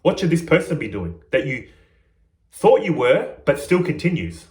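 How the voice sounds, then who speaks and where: Guy giving a chill spiritual talk, kinda high voice, roomy echo. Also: big pitch swings, normal speed, darkish tone. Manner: earnest, conversational, addresses viewers as guys. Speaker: spiritual teacher. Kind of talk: informal spiritual teaching.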